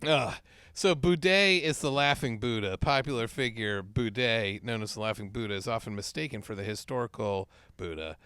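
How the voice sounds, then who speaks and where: A man co-hosting a casual comedy podcast, animated and quick to laugh. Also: medium pitch, smooth, no room sound. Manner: animated, breaks into shouted sung bits and laughter. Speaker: podcast co-host.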